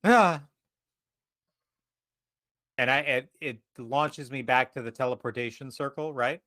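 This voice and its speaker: A man playing a tabletop role-playing game, narrating his character's actions in first person, animated and profane. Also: medium pitch, moderate pace, no echo. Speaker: player.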